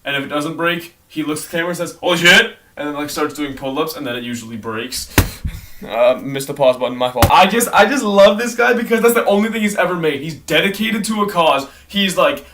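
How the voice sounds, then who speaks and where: A man talks quickly in a loose, rambling way, stacking "like" and starting his sentences over. His voice sits on the higher side. He sounds set back from the mic, with clear noise and clicks behind him. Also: animated, a bit bright, distant mic. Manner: fast, rambling, heavy use of "like", self-corrections. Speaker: vlogger ranking online creators. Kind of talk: casual rambling monologue.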